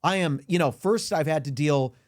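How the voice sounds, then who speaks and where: A man as a podcast guest in a comedic rant, indignant and self-pitying, his voice climbing high as he complains. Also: moderate pace, dry recording, clean studio sound. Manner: indignant, whiny self-pity, voice climbs high when ranting. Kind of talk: comedic mock interview rant.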